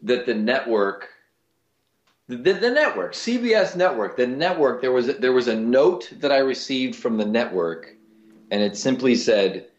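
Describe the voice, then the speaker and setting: A man, a voice actor and comedian, telling stories in a casual interview with lively restarts. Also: medium pitch, normal speed, roomy sound, dull audio. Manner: animated storyteller, lots of restarts.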